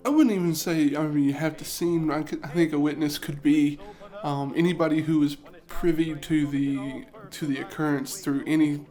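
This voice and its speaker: A man co-hosting a morning show, answering in a measured, thoughtful way. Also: a little high, fairly even intonation, warm tone, faint music behind. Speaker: co-host. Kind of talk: casual chat.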